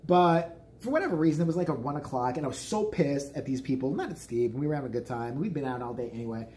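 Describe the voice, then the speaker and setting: A man's voice: mid-range voice, animated, fast, warm tone, a little hiss or hum. A man in his forties telling a story as a vlogger, in a profane, exasperated, ranting way. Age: 40s.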